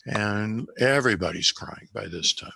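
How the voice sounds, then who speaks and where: Deep gravelly older man, measured. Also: lively intonation, sharp tone. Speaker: physician guest. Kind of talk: podcast interview, telling a case history.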